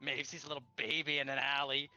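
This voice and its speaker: Sharp, bright-voiced teasing player. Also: mid-range voice, level tone, fast talker, highs cut off. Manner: teasing, laughs often. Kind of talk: playing a tabletop game.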